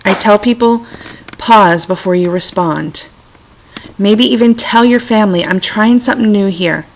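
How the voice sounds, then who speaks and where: A middle-aged woman talking gently and reflectively to her computer's webcam at home, with self-amused asides. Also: medium pitch, unhurried, slight background noise, poor audio. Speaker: vlogger sharing personal stories. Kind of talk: casual spiritual talk to camera. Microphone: computer webcam mic.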